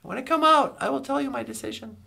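Brief: cheerful rambling male frog puppet, high and gravelly, telling a joke. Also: fast talker, bright, forceful tone, heavily acted. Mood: joking. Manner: rambling storyteller with restarts and asides. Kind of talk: comedic call-in impression.

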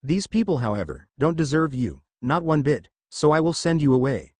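Male reader doing a gentle female magic spirit for a storybook audio; tender, animated delivery. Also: a little high, moderate pace, no echo, clean studio sound. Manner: gentle, mournful, calls her "my child".

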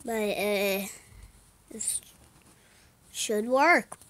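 A woman giving casual let's-play commentary while she plays, muttering to herself, slipping into whispers and breaking into sudden excited outbursts. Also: mid-range voice, extremely slow, rough recording.

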